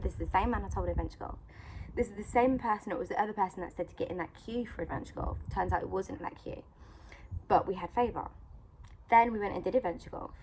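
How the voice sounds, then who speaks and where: A vlogger speaks in a mid-range, darkish voice with a touch of hiss or hum, her phone camera held at arm's length in the sunlight outside. Offering encouragement, she narrates a chatty tale loaded with "like" and "you know" and impersonates the people in it.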